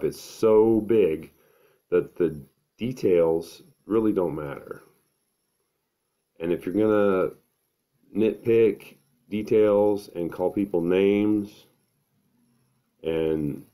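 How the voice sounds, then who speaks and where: A middle-aged man, talking to camera at home in an unhurried, earnest, thinking-aloud way. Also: deep voice, mellow. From American Midwest. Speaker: vlogger. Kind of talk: casual to-camera monologue.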